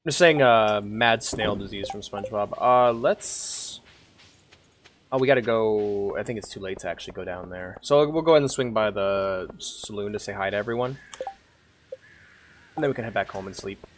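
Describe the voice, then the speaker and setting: A slight hiss or hum runs under the audio as a man with a lowish voice talks at normal speed while streaming a farming game. He chats casually, hums, reads lines aloud, and swears freely throughout the gameplay.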